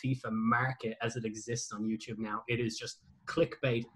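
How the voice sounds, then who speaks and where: A young man in a casual podcast chat who rambles and swears freely. His delivery is self-mocking, with a pitch that sits in the middle of the male range. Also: level tone, moderate pace. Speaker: podcast host and former YouTuber.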